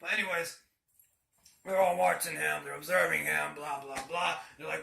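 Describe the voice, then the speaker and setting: A man's voice: on the high side, steady tone, moderate pace, gravelly, sharp tone, a little hiss or hum. A man casually retelling a story on his channel, rambling and swearing a lot in slangy talk, recorded in an echoey room. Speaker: channel host.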